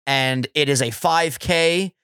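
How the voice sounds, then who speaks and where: A young man with a bright, slightly raised voice chats in animated, joking banter. He laughs often and keeps the talk playful. The room sounds dry and close. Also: a little high, slow pace, clean tone, no room sound. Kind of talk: casual banter.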